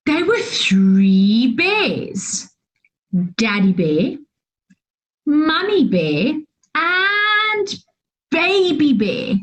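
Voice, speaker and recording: A woman reading a children's story aloud, expressive and drawn out, with gasps and sighs. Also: high-pitched, rough recording. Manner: slow and animated, with gasps and sighs.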